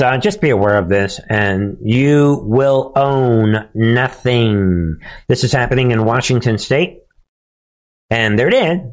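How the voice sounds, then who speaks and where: A male host delivering a political commentary monologue, chuckling and sarcastic as he talks. His pitch swings up and down freely, and he takes his time between phrases.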